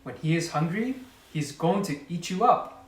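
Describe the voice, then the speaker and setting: A man voicing a fretful mother frog who scolds in a shrill, alarmed voice. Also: lively intonation, normal speed, reverberant, far from the mic, lightly acted. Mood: stern.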